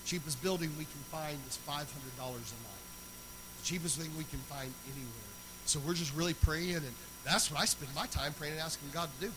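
A man pastor preaching a sermon, telling a personal story that builds into loud, chanting preaching. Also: fairly high pitch, fairly quick, noisy background.

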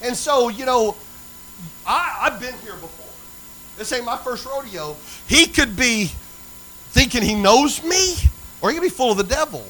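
High-pitched preacher telling a story. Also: male voice, animated, unhurried, sharp tone, a little hiss or hum, low-quality recording. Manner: storytelling preacher, folksy and emphatic. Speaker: pastor. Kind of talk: sermon. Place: church sanctuary.

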